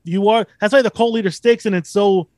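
A man's voice: high voice, fairly even intonation, fast, a little mellow, no room sound, studio quality. A young man hosting a podcast, talking casually in a profane, rambling, emphatic way. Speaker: podcast host.

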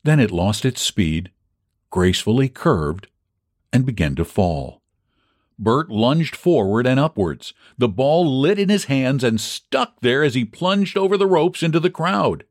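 A man's voice: medium pitch, expressive, a little slow, dry recording, clean studio sound. A man narrating a story as an audiobook reader, reading it expressively and calling out the crowd's cries. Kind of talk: scripted narration of a classic baseball story.

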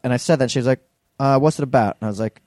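A man's voice: medium pitch, rapid-fire, a little mellow, no room sound, clean studio sound. A man co-hosting a podcast, telling rambling stories in casual chat and quoting people with plenty of swearing. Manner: rambling storyteller, quotes his wife with heavy swearing. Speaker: podcast co-host.

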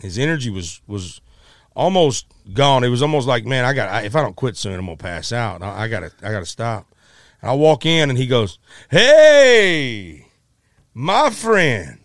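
A middle-aged man, a musician, telling a story in a casual, animated way, acting out quotes with many restarts. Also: medium pitch, brisk, no room sound, clean studio sound.

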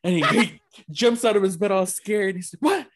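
A man's voice: sits high, moderate pace. A man co-hosting a casual podcast who retells film scenes chattily, giggling and acting out the characters' lines. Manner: giggly, chatty, acts out lines in mock voices. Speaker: podcast co-host. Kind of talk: casual chat recapping a film.

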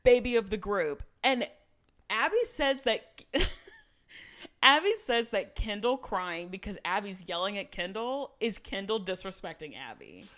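A woman's voice: medium pitch, big pitch swings, a little slow, bright, forceful tone. A woman co-hosting a casual podcast, retelling scenes in a chatty, dramatic way with quoted voices. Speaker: podcast co-host. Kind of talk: casual recap chat.

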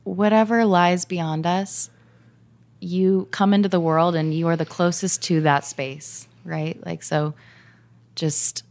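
A woman in a heartfelt casual conversation, speaking in a searching way with many pauses and fillers. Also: fairly low pitch, steady tone, darkish tone.

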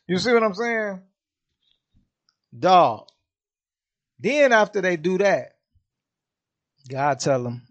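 A man hosts a podcast in an impassioned monologue, blunt and profane with heavy street slang. He talks slowly while his pitch swings widely for emphasis. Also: very animated. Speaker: podcast host.

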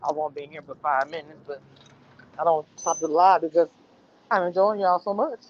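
A woman with a Southern US accent and a low, fairly quick voice hosts a livestream from her car. She chats casually and animatedly with viewers, sassy and laughing, over dull lo-fi audio.

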